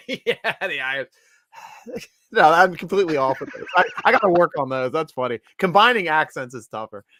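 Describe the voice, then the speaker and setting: Bright, joking man hosting a podcast. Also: on the high side, animated, normal speed, no echo. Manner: jokey, laughs a lot, announcer-style guest intros. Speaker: podcast host. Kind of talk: casual chat.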